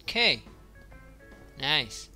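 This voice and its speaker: A man's voice: fairly high pitch, big pitch swings, extremely slow, bright, forceful tone, soft background music. A man commenting on a game playthrough, reading on-screen text aloud with dry asides. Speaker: gaming youtuber.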